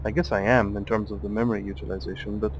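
A man's voice: on the low side, level tone, quick pace, noisy background. A man, hosting a let's play with chatty, wry asides while he drives. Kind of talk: casual gameplay commentary.

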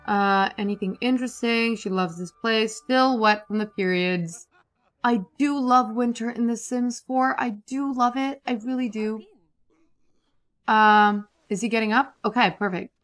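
A woman giving casual, chatty commentary over a life-simulation game, excitable and prone to repeating herself. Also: on the high side, a little slow, soft background music. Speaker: gaming YouTuber. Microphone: desktop USB microphone.

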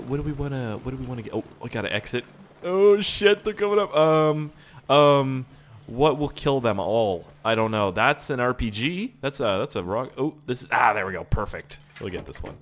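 A man giving casual gameplay commentary, excitable, swearing often and laughing at surprises. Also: mid-range voice, moderate pace, slight background noise. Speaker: gaming channel host.

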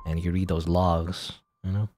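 A man's voice: low voice, little pitch movement, normal speed, a little mellow, faint music behind. A man casually commentating a game he is playing, rambling and joking with many fillers. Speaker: let's play gamer.

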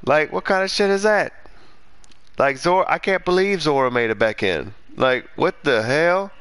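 A man streaming a game live, chatting casually, swearing freely and swinging between loud indignant rants and low muttering. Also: lively intonation, normal speed, clean tone, dry recording. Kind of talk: casual live gaming commentary.

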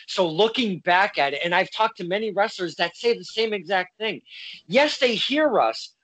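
A man's voice: sits high, animated, normal speed, a bit bright, no room sound, poor audio. A man hosting a casual interview, speaking politely with frequent stumbles and restarts. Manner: hesitant, stumbling, polite phrasing. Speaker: interview host.

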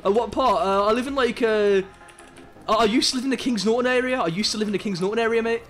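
A young man from Birmingham with a Birmingham accent, chatting excitably and in slang while streaming a game. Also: high-pitched, fast, faint music behind. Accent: Birmingham English. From Birmingham, England. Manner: excitable, slangy, many hums of agreement. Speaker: live streamer. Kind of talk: casual gaming stream chat.

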